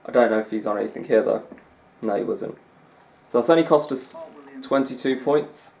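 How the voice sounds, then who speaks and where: A gaming channel host rambles chatty commentary over a snooker video game, amusing himself and dropping lots of fillers. His mid-range voice moves at normal speed and is gravelly and a little mellow, with a roomy sound.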